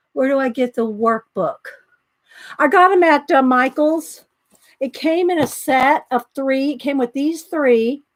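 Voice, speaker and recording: A middle-aged woman hosting a casual livestream from home, chatting and answering viewer comments. She is a little out of breath. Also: sits high. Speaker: livestream host.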